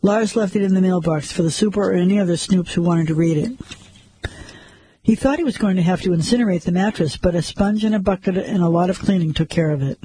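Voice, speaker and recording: A man reading a story aloud as narrator, in a steady, measured way. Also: sits high, slightly rough, low-quality recording.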